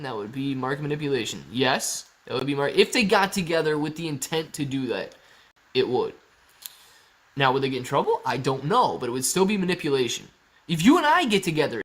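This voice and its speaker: A man's voice: on the high side, expressive, a little fast, fairly bright tone. Chatty male livestream host. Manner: chatty, restarts sentences, calls viewers guys and bro. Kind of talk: casual livestream chat reading viewer comments.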